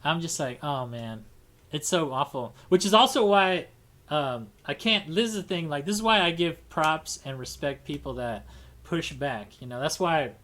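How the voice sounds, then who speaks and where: A man's voice: fairly high pitch, animated, moderate pace, a bit bright. A man hosting a casual livestream conversation, talking in a rambling way with many restarts and fillers. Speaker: podcast host.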